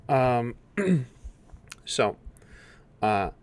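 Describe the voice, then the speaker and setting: A man as game master of a tabletop game, speaking in a laid-back way with many fillers and shifting into slow, dramatic narration. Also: mid-range voice, sing-song, a little mellow, smooth.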